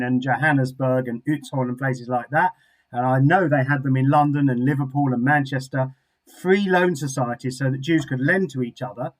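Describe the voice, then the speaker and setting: A man leading an online study session, talking in a quick, chatty and encouraging way over a video call. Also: mid-range voice, rough recording. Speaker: synagogue study session leader. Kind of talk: online group discussion leading.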